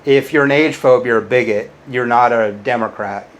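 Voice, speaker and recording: Combative male YouTuber, mid-range voice, resentful rant, loud jumps and muttered low insults. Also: normal speed. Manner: bitter, combative, swears a lot. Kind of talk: ranting to-camera monologue.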